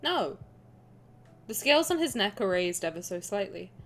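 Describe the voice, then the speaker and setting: A young woman streamer playing a story game, reading the narration aloud and reacting in a chatty, animated way, often laughing. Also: mid-range voice, moderate pace, soft background music.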